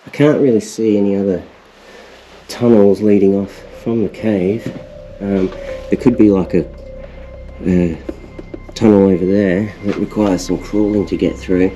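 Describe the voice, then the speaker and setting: A young Australian man vlogging as he explores inside a cave, excited and exclaiming often, recorded on an action camera. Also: lowish voice, unhurried, long pauses, soft background music. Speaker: outdoor adventure vlogger. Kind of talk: casual exploring commentary.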